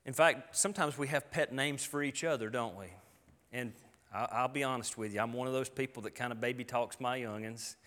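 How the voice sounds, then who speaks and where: Folksy preacher, bright and echoing. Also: male voice, medium pitch, fairly quick. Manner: folksy, earnest, emphatic preaching with colloquialisms. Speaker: pastor. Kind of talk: sermon. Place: church sanctuary. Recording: long hall reverb.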